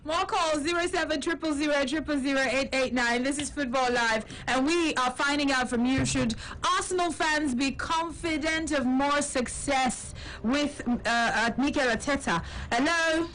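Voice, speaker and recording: A woman's voice: sits high, moderate pace, few pauses, fairly bright tone, low-quality recording. A Nigerian woman hosting a radio phone-in, teasing callers and mixing in Pidgin. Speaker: radio show host.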